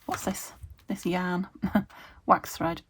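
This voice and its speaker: A woman's voice: on the low side, little pitch movement, slow pace, slight background noise. A woman from the UK chatting casually to camera as she makes a craft, meandering and talking to herself as she works. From United Kingdom. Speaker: crafting video host.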